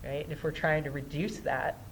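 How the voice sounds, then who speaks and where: A woman lectures a small yoga class in a relaxed, chatty way. She checks in with "right?" again and again. Her voice sits a little low, with faint noise from the room behind her. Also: fairly quick, poor audio. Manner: chatty, often asks "right?", laughs at herself. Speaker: yoga and Ayurveda teacher.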